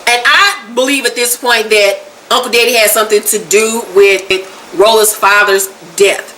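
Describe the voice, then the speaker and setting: A woman's voice: a little high, steady tone, moderate pace, sharp tone, slight background noise. A woman giving a casual, slangy recap of a TV episode, laughing often as she talks. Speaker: TV show reviewer.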